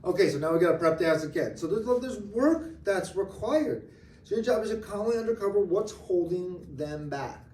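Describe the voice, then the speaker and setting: A man teaching a real estate training class live, acting out client dialogue in an animated way. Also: high voice, moderate pace, a little hiss or hum. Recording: echoey room from far off.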